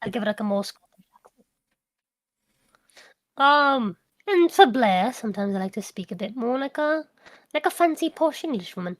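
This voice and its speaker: Bright lively young-sounding woman. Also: on the high side, normal speed, long pauses. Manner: swears freely, playful, slips into mock voices. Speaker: VTuber guest. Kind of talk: casual podcast chat.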